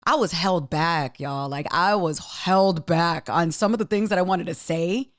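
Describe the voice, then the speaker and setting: A woman's voice: on the low side, measured pace, no room sound, clean studio sound. A woman hosting her own podcast, talking earnestly and emphatically straight to the listener in a motivational solo talk, getting choked up with emotion. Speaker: podcast host.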